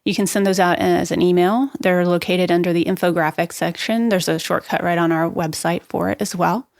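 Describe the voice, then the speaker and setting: A woman speaking as a guest expert on a real estate podcast. She gives practical marketing advice in a brisk, upbeat way. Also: on the low side, steady tone, gravelly, dry recording, clean studio sound. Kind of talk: podcast interview, explaining marketing tips.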